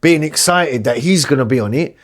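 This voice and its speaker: A man's voice: medium pitch, animated, brisk. A middle-aged man with an East London accent, talking candidly and bluntly as a DJ guest, swearing freely. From East London, England. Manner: blunt, swears freely, mimics people in quotes. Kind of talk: candid podcast interview.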